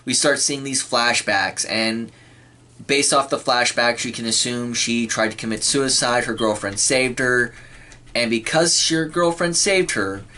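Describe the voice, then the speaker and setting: A man giving a casual spoken film review, clearing his throat often and acting out quoted lines. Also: medium pitch, measured pace, sharp tone. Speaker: movie reviewer.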